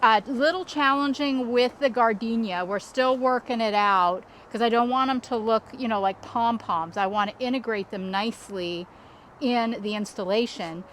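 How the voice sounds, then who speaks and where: A woman's voice: fairly high pitch, moderate pace, fairly bright tone, slight background noise. A middle-aged woman hosting a casual backyard walkthrough, chatty and upbeat, recorded outdoors. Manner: chatty and upbeat, with small restarts. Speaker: landscape designer and channel host.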